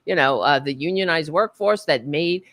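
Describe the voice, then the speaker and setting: Impassioned low-voiced woman, dry sound. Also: normal speed, fairly bright tone, no echo. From United States. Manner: impassioned, profane, rambling with many fillers. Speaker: podcast co-host. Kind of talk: political discussion podcast.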